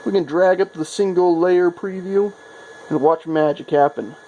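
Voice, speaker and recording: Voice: mid-range voice, moderate pace, dark tone, dull audio. A maker vlogger chatting casually and playfully in a workshop, showing off projects with self-mocking asides. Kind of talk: casual show-and-tell vlog.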